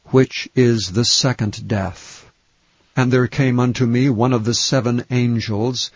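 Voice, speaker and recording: A man reads scripture aloud in a slow, deliberate, measured way, his voice sitting at an ordinary middle pitch. The recording is dry and close, with a dull, slightly lo-fi tone. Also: darkish tone, dry recording. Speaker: reader.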